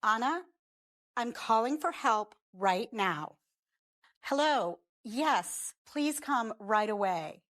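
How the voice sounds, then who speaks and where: A woman as a composed office coworker calling for help in a learning skit. Her voice is a touch high and she speaks slowly and evenly. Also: lively intonation, fairly bright tone. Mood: urgent. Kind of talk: scripted comedy skit.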